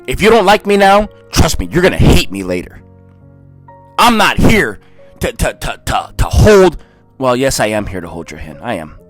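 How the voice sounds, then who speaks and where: A man reading scripture in a low, dramatic voice and breaking into fiery, shouted commentary, calling listeners "man". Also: sing-song, moderate pace, soft background music. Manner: peppers speech with "man". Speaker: Bible reader and preacher.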